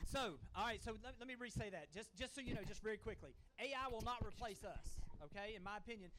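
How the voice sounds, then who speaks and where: A man's voice: high voice, noisy background. A man presents at a conference with a folksy, emphatic manner, often checking in with the audience. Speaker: conference panelist. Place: conference hall stage. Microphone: handheld microphone.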